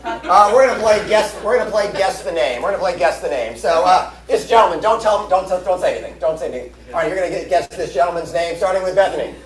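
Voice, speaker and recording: A man hosting a live improv comedy show, with joking, quick announcer patter and laughs. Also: sits high. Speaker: improv show referee host. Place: large comedy theater stage. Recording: roomy hall sound from far off, music.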